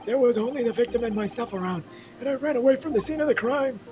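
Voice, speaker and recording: A man's voice: extremely high pitch, quick pace. A man reading game dialogue aloud as a panicky young foreign student accused of murder, pleading and frantic. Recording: noisy home mic.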